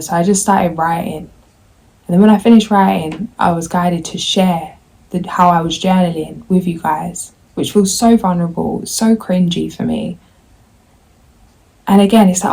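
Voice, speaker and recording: A woman's voice: fairly low pitch, steady tone, a little slow, vocal fry, long pauses, a little mellow, breathy edge, rough recording. A woman tarot reader talking candidly to her viewers in a rambling way, often voicing her own inner self-talk. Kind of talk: candid confessional vlog.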